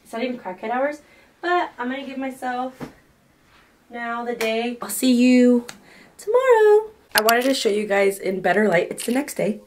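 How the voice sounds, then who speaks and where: A woman's voice: fairly high pitch, normal speed, recorded from a distance, slight background noise. Gushing young woman vlogging at home. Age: 20s. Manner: gushing, excitable, chatty. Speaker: crochet vlogger. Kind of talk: casual vlog chat. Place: home office.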